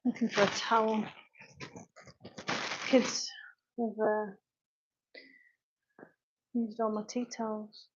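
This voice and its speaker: A woman's voice: a little high, little pitch movement, slow, long pauses, husky. A British woman in her thirties, a fitness coach chatting casually on a livestream at home, reading viewer comments aloud and breaking off to tend her kids. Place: home kitchen. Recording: dull lo-fi livestream audio.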